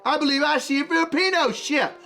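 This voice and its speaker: A man's voice: very high voice, fast, vocal fry, sharp tone, pitched above the performer's own voice, heavily acted. A man voicing a boastful, scheming naval officer in a mock-foreign caricature voice, bragging and shifting blame.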